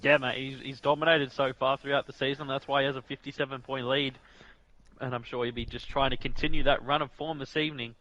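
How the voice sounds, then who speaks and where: A man's voice: medium pitch, little pitch movement, fast talker, pushed and bright, highs cut off. A man commentating on an online racing league, chatty and jokey, often saying "mate". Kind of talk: casual sim racing commentary.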